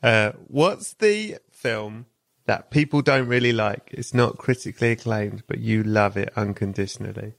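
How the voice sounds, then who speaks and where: A man's voice: fairly low pitch, normal speed, creaky, no room sound, studio quality. A man hosting a podcast interview, asking questions with brief encouraging interjections. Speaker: podcast host. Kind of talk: casual interview chat.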